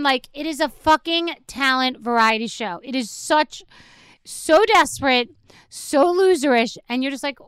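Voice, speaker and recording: In this solo comedy rant, the middle-aged podcast host swears freely and sounds sarcastic and fed up. She speaks high-pitched, animated and unhurried, with a slightly bright tone, in studio-quality audio without echo.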